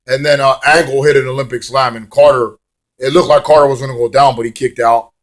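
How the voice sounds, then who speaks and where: Man, casual wrestling review, rambling, swears freely, mid-pitched voice. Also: steady tone, a little fast. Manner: rambling, swearing, humming bits of songs.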